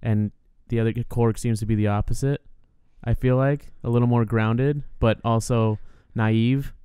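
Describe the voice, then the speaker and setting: A man's voice: medium pitch, steady tone, a little slow, mellow, clean tone, dry recording, studio quality. A man co-hosting a casual film podcast, opinionated and rambling, with lots of fillers. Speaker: podcast co-host. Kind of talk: casual film review chat.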